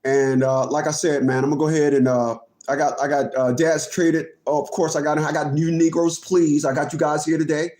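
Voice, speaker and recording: A man's voice: on the high side, flat delivery, brisk, few pauses, darkish tone, reverberant. A man hosting a casual livestream from his living room, jokey and rambling, putting on a fake British accent as a gag. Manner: jokey, rambling, repeats himself. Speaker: livestream host.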